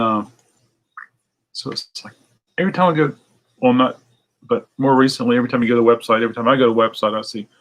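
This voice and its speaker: A man chatting casually with his viewers, like a record shop owner hosting a morning show. He tells a rambling story and acts out phone calls in high, excited voices. His normal talking voice sits at a medium pitch. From United States.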